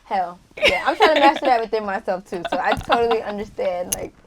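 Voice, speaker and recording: A woman's voice: mid-range voice, animated, brisk, slight background noise. Joking, slangy woman host. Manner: candid, joking, uses slang. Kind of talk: casual interview chat.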